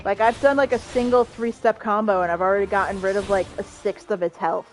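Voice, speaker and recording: Woman, casual gamer chat, filler-heavy, middle pitch. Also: steady tone, fairly quick, faint music behind, low-quality recording. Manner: chatty, lots of "like" fillers.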